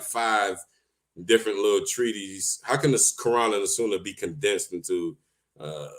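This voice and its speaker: A man with a deep, low voice hosts a casual livestream from his home computer. He talks loosely and informally, drops in slang and laughs often as he goes. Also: a bit bright. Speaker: online livestream host.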